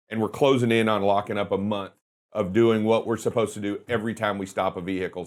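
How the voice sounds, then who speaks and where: Earnest man co-hosting a trucking show. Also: lowish voice. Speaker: co-host. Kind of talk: trucking safety show talk.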